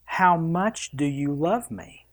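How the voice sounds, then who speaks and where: A young woman asking again and again, soft and insistent, sometimes slowing to a hush, as a preacher puts her on. The sound is close and dry. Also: on the high side, expressive, no room sound, exaggerated voice. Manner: insistent, repeating the same question.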